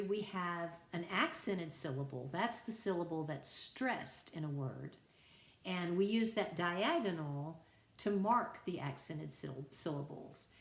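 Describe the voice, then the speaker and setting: A middle-aged woman teaching a college writing class in a chatty, conversational lecture style with asides to her students. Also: lowish voice. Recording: echoey room.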